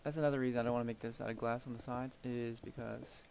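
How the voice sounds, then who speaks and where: A man's voice: mid-range voice, flat delivery, quick pace, vocal fry, a little mellow, a little hiss or hum. Rambling, chatty man talking while gaming. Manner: rambling and chatty, with frequent fillers and laughs. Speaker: gameplay video creator. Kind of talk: casual gameplay commentary.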